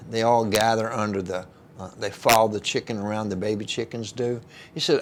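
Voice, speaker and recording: A man's voice: on the low side, brisk, few pauses. A man leading an informal kitchen Bible study, retelling scripture in plain, folksy words with asides to his listeners.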